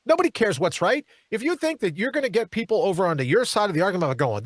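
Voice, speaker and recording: Male talk host, high-pitched and lively, pounding rhetorical questions, dry studio sound. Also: quick pace, few pauses, no room sound. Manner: emphatic, hammering rhetorical questions, mocking asides. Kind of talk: political commentary monologue.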